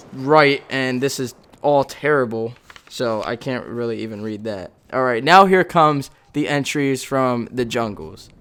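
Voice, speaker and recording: Young man, American, ex-Marine, profane, sardonic, reading a diary, gameplay commentary, faint background noise. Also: mid-range voice. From United States. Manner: profane, sardonic, laughs at himself. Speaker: former Marine reading his old journal.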